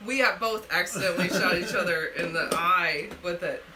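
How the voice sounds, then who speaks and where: A woman's voice: fairly low pitch, moderate pace, a crowd in the background. A woman co-hosting a live stream, chatting casually and giggling about the game. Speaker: stream co-host. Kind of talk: casual reaction chat.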